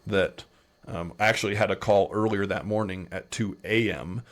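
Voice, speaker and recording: A middle-aged man with a Utah American accent, telling rambling anecdotes in a relaxed interview, slipping into playful quoted voices. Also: on the low side, moderate pace. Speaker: podcast guest. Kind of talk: casual storytelling interview.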